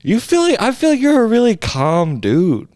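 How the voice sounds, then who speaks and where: A man's voice: high voice, huge pitch swings, moderate pace, a little mellow. A man, a comedian hosting a podcast, chatting casually in a playful, joking way. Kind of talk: casual chat.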